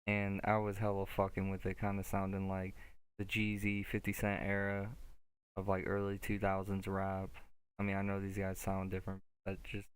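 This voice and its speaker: A man's voice: sits low, completely flat delivery, normal speed, clean tone, poor audio. A man hosting a music review stream, giving casual, slangy critique full of "like" fillers. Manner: laid-back, slangy, many "like" fillers. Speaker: music review show host.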